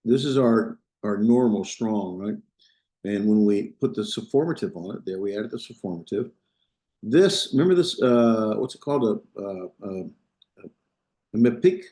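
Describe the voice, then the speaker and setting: A man teaching a class in a loose, unpolished way, restarting sentences and checking that students follow. His voice is mellow and relaxed, and it echoes around the room. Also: fairly low pitch, a little slow. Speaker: Biblical Hebrew teacher. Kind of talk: classroom lecture.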